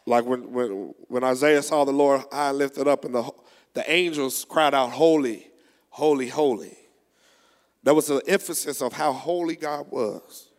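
A male preacher delivering a sermon, reading scripture slowly and preaching with rising fervor. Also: mid-range voice, fairly even intonation. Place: church. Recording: long echo of a large hall.

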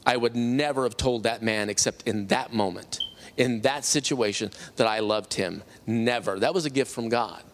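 A middle-aged man telling a personal faith testimony, animated and acting out the people he quotes. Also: medium pitch, moderate pace, slight background noise. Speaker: testimony speaker.

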